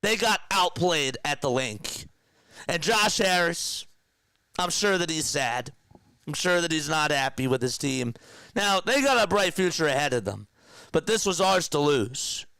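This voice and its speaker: A young man hosting a casual sports livestream, talking to his chat with excitement and emotion. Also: a little high, measured pace, creaky, smooth, no room sound.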